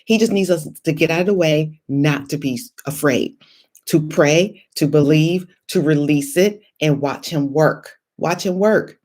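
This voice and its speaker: A woman in her thirties hosting a casual faith livestream, telling stories in an animated, encouraging way. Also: sits low, a little slow. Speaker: host.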